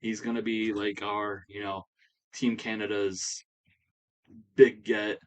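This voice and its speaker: A man's voice: lowish voice, little pitch movement, slow. A man voicing an eager male wrestler recruiting teammates, persuasive and stumbling over his words.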